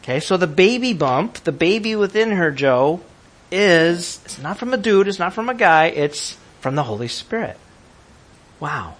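Male preacher, expressive and playful, slightly high voice with big pitch swings. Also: normal speed. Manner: lively, laughing, acts out voices of listeners. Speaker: pastor. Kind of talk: sermon.

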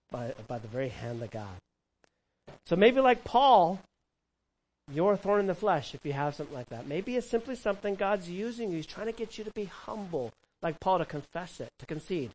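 A man preaching a sermon who asks the congregation questions and acts out prayers and quotes, swinging from loud cries to hushed words. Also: a little high, rough recording. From California. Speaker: pastor.

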